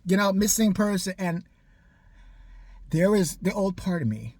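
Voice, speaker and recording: Man vlogger, husky and lively in pitch, sarcastic and profane rant. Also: a little slow. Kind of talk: casual storytelling rant.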